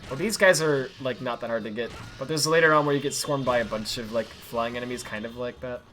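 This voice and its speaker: Bright-voiced excitable male gamer streamer. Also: medium pitch, brisk. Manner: excitable, yells at the game when things go wrong. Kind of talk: live-streamed gameplay commentary. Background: faint game music.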